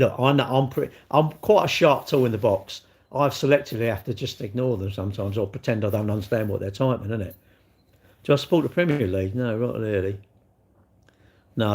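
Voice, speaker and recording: A man's voice: mid-range voice, darkish tone. Blunt British man chatting on a livestream. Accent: British English. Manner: blunt, rambling, talks back to chat comments. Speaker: livestream host answering chat. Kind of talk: casual livestream chat.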